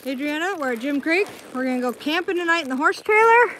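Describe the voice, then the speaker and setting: A woman's voice: high voice, animated, quick pace, fairly bright tone, slight background noise, poor audio. A woman live-streaming on her phone while riding a horse on a trail outdoors, chatting casually and coaxing her dog along in a sing-song voice.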